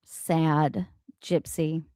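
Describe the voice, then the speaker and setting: A woman hosting a reaction livestream, talking in a blunt, animated and profane way about the clips she plays. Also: sits low, extremely slow, no echo, clean studio sound. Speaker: livestream host. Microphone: home streaming mic.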